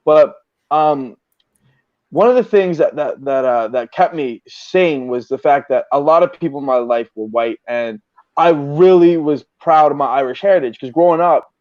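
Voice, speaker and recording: A man chatting casually as a podcast host, telling animated stories full of swearing. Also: fairly high pitch, normal speed, dry recording, dull audio. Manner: profane, animated storyteller. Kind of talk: casual storytelling chat.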